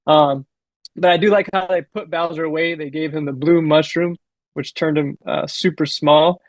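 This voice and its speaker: A man's voice: a little high, steady tone, moderate pace, dry recording, poor audio. A laid-back man co-hosting a casual movie chat, dropping "dude" often. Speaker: podcast co-host.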